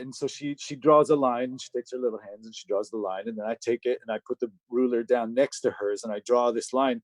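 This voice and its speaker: A man's voice: mid-range voice, fast, hardly any pauses, no room sound. A middle-aged man, a record producer, telling a personal story in a casual, profane way, close to tears. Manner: casual and profane, with many fillers. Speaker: guest record producer and engineer.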